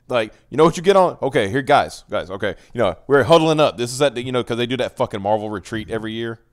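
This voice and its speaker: A man's voice: medium pitch, fast, no echo. A man co-hosting a casual livestream chat, talking profanely and getting heated, laughing often. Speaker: podcast co-host.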